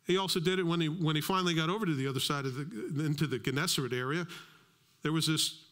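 A middle-aged male pastor giving a sermon, telling stories with lively acted-out dialogue. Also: on the high side, fast. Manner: animated storytelling, acts out dialogue.

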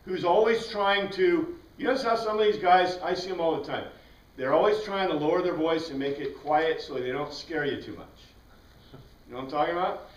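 A man leads a relaxed Bible study, wandering off into asides and then circling back to the passage. His voice sits a little high for a man. He is picked up from some distance in an echoey room. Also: fairly quick. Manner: rambling, conversational, with many asides and restarts. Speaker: Bible class teacher. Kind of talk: informal Bible study lesson. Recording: roomy sound, mic at a distance.

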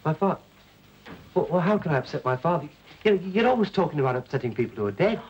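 A man's voice: fairly high pitch, sing-song, quick pace, a little mellow, highs cut off, a little hiss or hum. An actor playing a flustered young man who stammers and pleads with his mother, in a 1960s TV drama.

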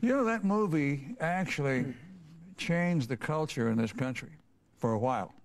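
A man hosting an interview, asking relaxed prompting questions. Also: fairly high pitch, moderate pace. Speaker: interview host.

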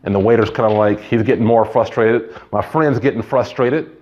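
Low-voiced male pastor, conversational sermon. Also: moderate pace, muffled recording. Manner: conversational preaching with stories and asides.

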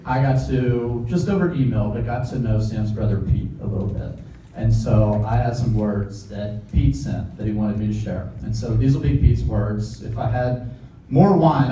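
A man in his thirties giving a jokey wedding toast as best man and reading a letter aloud from his notes. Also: medium pitch. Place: wedding reception room. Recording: echoey room from far off, noisy.

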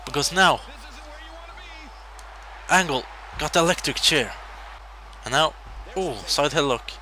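A man casually commentating his own wrestling video game, excitable, jumping between loud shouts and quiet muttering. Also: on the high side, takes it slowly, a little hiss or hum.

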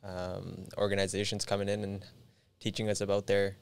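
A man's voice: low-pitched, completely flat delivery, normal speed, creaky, slight background noise. A young man co-hosting a podcast in a studio, chatting easily and joking back and forth. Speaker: podcast co-host. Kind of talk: casual chat.

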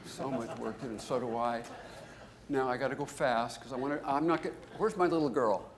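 A man, a business school professor, giving a conference keynote as an animated storyteller who jumps into high, emphatic bursts. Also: fairly quick, a crowd in the background.

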